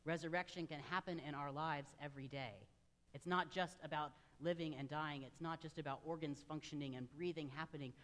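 A man's voice: on the high side, fairly even intonation, brisk, fairly bright tone. A man preaching a sermon in a church, earnest and conversational, speaking directly to his congregation. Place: church sanctuary. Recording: long reverb of a large room.

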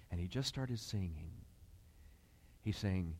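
Male pastor, fairly low voice, chatty storytelling sermon, fillers, questions to the pews. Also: animated, normal speed. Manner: conversational, many fillers, questions the congregation.

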